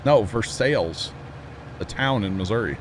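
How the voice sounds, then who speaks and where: Streamer, young man, Midwestern accent, animated, self-mocking, quick to laugh, with a faint hum behind him. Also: on the low side. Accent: American Midwestern. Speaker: livestreamer. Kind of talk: casual gameplay chat with viewers.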